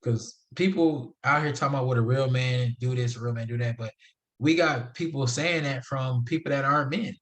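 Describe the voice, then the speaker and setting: Man, young adult, solo podcast host, casual slangy talk, emphatic, preachy, medium pitch. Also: moderate pace, fairly bright tone.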